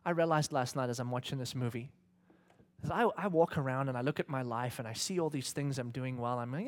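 A middle-aged male pastor preaching a sermon and retelling a story dramatically, dropping to hushed whispers and rising to loud shouts. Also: mid-range voice, brisk.

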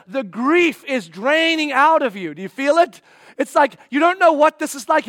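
A man preaching a sermon, acting out scenes in voices and swinging from loud bursts to hushed, slow passages. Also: very high-pitched, no echo, studio quality.

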